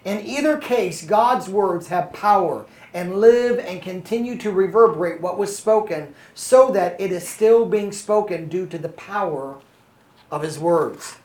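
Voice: mid-range voice, measured pace, darkish tone, echoey room. A Bible study teacher reading verses to a small group and explaining them, often stopping to check that the listeners are following.

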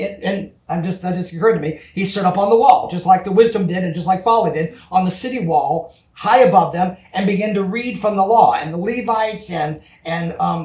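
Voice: medium pitch, darkish tone, recorded from a distance. Earnest pastor preaching in an echoey church. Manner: earnest, emphatic, chats back with congregation. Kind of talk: conversational sermon.

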